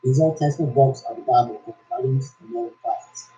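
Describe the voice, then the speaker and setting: A man reading a founding text aloud slowly and haltingly, correcting himself as he goes, then giving preachy religious commentary. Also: mid-range voice, warm tone, roomy sound, lo-fi sound. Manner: preachy, exhorting. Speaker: YouTube commentator.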